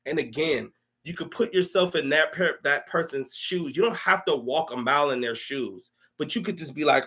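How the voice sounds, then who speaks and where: A man's voice: on the high side, normal speed, pushed and bright. Heated, preachy streaming man. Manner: preachy and heated, with stammering restarts and mocking asides. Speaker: livestream commentator. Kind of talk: emotional livestream rant.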